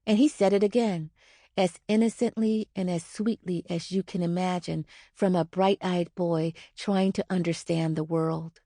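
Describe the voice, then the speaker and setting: Slow, dry-voiced woman author reading. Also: on the low side, fairly even intonation, warm tone, no room sound. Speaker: author narrating her own book. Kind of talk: audiobook narration.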